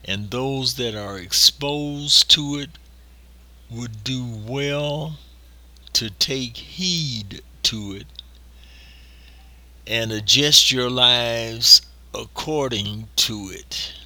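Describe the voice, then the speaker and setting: Slow, deliberate man preaching a sermon. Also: mid-range voice, pushed and bright, no room sound.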